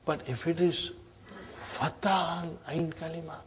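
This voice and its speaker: A man's voice: a little high, level tone, measured pace, slight background noise. A middle-aged man teaching an Arabic grammar class, drilling forms and often checking whether the students follow. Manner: prompting students with "huh?".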